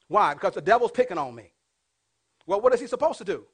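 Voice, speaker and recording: High-voiced pastor in his fifties preaching. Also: fast, husky. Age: 50s. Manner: call-and-response questions to the congregation; animated, swings between loud and hushed. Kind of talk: sermon.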